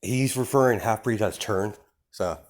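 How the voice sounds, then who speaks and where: A man's voice: lowish voice, normal speed. A man casually telling a made-up fan story, rambling with many fillers. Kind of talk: casual improvised narration.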